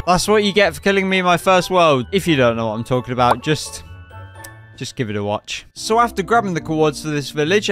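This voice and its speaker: An excitable man talks through his own game run, joking with the creatures and villagers he meets. His voice sits a little higher than most men's. Soft background music plays faintly underneath. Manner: chatty, excitable, jokey asides to the game. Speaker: gaming YouTuber. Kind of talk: playful gameplay commentary.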